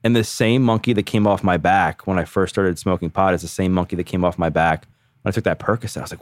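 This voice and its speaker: A man in his thirties, a podcast guest, telling his own story candidly in a casual, animated way, full of "like". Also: low voice, fast, no echo, studio quality. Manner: candid, animated, heavy use of "like".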